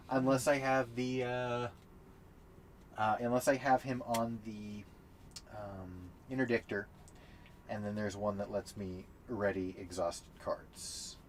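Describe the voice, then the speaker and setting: A man's voice: lowish voice, a little hiss or hum. A man casually chatting while setting up a tabletop game on a live stream, often mumbling to himself as he sorts pieces.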